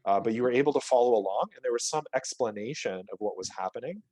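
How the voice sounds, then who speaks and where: A man delivers a virtual lecture on research results in an explanatory, conversational way, often restarting his phrases. His voice sits at a middle pitch and is recorded close and dry, with no room sound around it. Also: animated, quick pace, darkish tone, dry recording, poor audio. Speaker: guest lecturer. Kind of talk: virtual talk presenting research.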